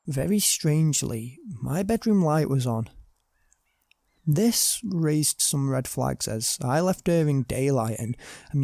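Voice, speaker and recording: A British man reading true horror stories aloud as a narrator, in a slow, hushed way that drops low at tense moments. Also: gravelly, no echo, clean studio sound. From Britain. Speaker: storyteller.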